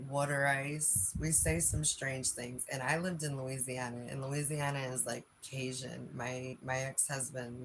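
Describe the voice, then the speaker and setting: Brief: late-40s woman, Philly accent, profane and frank, slow unhurried delivery, faint hiss. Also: rumbling low. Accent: Philadelphia. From Philadelphia. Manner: frank, profane, laughs often. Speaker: livestream host. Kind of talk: casual livestream chat reading comments.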